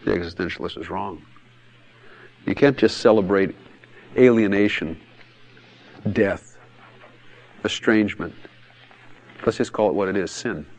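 A pastor whose voice sits low speaks a little slowly, leaving long pauses. His sermon-style teaching is blunt and emphatic, punctuated by laughter and quotes acted out in other voices.

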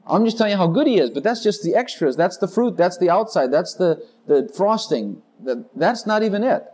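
Exuberant high-voiced male preacher. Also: expressive, darkish tone, slightly rough. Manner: exuberant, sings snatches, laughs, rapid-fire declarations. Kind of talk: sermon.

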